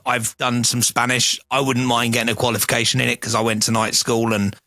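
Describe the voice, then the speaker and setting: Bright, dry-voiced radio man. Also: medium pitch, flat delivery, a little fast, no room sound. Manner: friendly, self-deprecating, easygoing. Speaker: radio presenter and podcast co-host. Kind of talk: casual chat.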